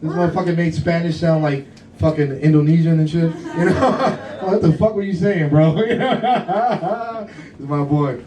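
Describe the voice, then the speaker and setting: A man's voice: on the high side, measured pace, mellow, distant mic. A man from Puerto Rico doing a stand-up comedy set in a bar, profane and laughing through his jokes. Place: kava bar comedy night, indoors. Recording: roomy bar audio from afar, crowd audible. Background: crowd laughter.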